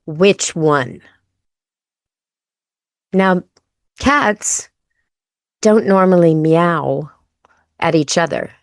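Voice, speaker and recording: A podcast host runs a pet radio show in a chatty, playful manner, even imitating animal sounds. Her lowish voice moves extremely slowly with frequent pauses, captured in a dry, studio-quality recording.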